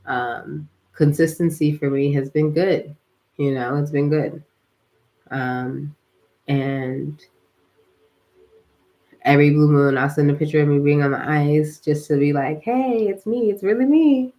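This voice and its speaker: A woman's voice: deep voice, flat delivery, a little slow, pauses often, dark tone. A young woman, tired from a workout, hosting a casual spiritual livestream, rambling with lots of fillers and slang. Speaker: livestream host.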